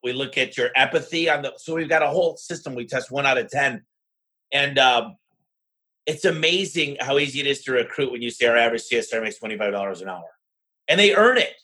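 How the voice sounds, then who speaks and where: A man who owns a home services business, talking in a lively podcast conversation and acting out the exchanges he has with other owners. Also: mid-range voice, fairly quick, rough recording. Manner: animated, acts out his own conversations in quoted voices.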